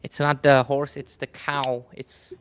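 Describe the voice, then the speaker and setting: A man commentating an esports tournament draft live, relaxed and joking as he talks through the bans. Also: mid-range voice, unhurried, background noise. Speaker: esports caster.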